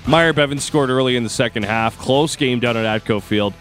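A man's voice: medium pitch, a bit bright, soft background music. Male sports reporter, casual rundown. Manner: quick sports rundown, joking. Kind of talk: casual sports radio chat.

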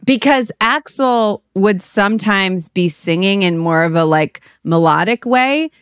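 A woman co-hosting a casual chat, talkative and quick to laugh, often breaking off with apologies and asides. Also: mid-range voice, expressive, clean tone, dry recording, studio quality. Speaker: podcast co-host.

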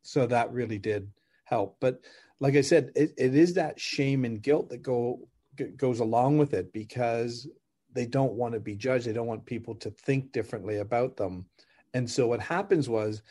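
A middle-aged man, a podcast guest who coaches couples, telling stories in lively conversation, laughing and acting out dialogue as he explains. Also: medium pitch. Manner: animated, laughs while explaining, acts out dialogue. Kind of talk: conversational storytelling.

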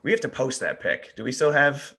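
A man's voice: mid-range voice, sing-song, fairly quick, sharp tone. A man co-hosting a podcast, teasing his friend and telling dry, rambling stories in casual banter. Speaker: podcast co-host.

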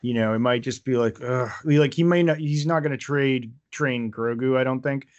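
A man's voice: medium pitch, moderate pace, highs cut off. A man co-hosting a fan podcast, chatting casually and circling back over his thoughts with playful asides. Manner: rambling, restarts thoughts, playful quips. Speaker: podcast co-host.

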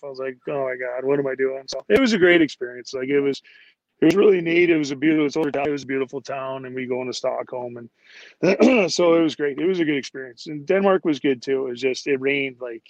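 A man talking fast in a loose, rambling way, stuffing his stories with "like" and "you know." The sound is dry and a little muffled, as if recorded close in a dead room. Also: mid-range voice, no echo. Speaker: guest, former hockey player. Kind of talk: casual storytelling interview.

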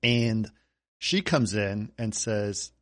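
A man's voice: extremely slow, dry recording, studio quality. A man co-hosting a podcast who retells film scenes, quoting the characters' lines as he goes. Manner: retells scenes with quoted lines, expressive pitch. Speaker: podcast co-host. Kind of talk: casual film discussion.

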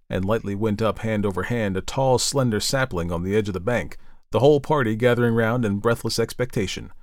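A man narrating a classic novel in a measured, even reading style. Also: fairly low pitch, dry recording, studio quality. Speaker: audiobook narrator.

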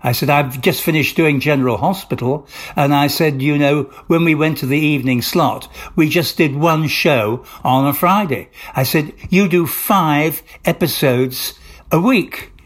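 A man's voice: fairly high pitch, measured pace. An older male actor being interviewed, telling long rambling stories with restarts and acted-out dialogue. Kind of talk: anecdotal interview storytelling.

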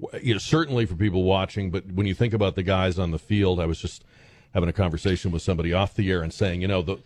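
A man hosting a radio talk show, talking in a halting, searching way with many fillers and restarts. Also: low-pitched, steady tone, a little mellow, dry recording, clean studio sound. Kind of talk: casual radio chat.

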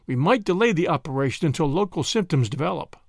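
A man voicing a cool, clinical surgeon in a read-aloud story, speaking in a measured, detached way. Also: on the high side, lively intonation, creaky, dry recording, studio quality. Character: cool, clinical middle-aged male surgeon.

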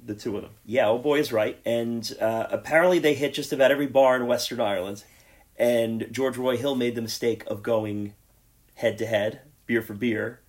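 A man's voice: mid-range voice, fairly even intonation, moderate pace. A man co-hosting a podcast, chatting casually about a film with frequent restarts. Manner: rambling, frequent restarts, laughs at own stories. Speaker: podcast co-host. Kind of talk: casual movie discussion.

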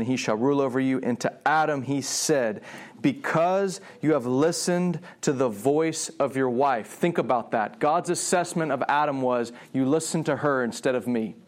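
A man preaching a sermon, animated, often restarting his phrases and acting out voices in the story. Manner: animated, acts out God's voice with rising pitch; frequent restarts and repeated words.

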